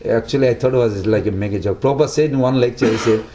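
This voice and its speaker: A man giving a devotional talk to a small group in simple, broken English, often asking lively rhetorical questions. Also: medium pitch, rapid-fire, hardly any pauses, roomy sound, slight background noise. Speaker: devotional speaker.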